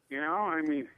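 A man's voice: a little high, no room sound. A man calling in to a sports radio show and chatting in a joking way. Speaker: caller. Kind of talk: call-in radio chat. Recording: tinny phone line.

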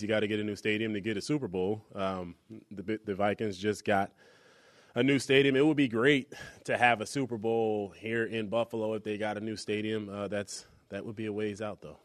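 A man co-hosting sports talk radio, speaking casually and thinking aloud. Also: fairly low pitch.

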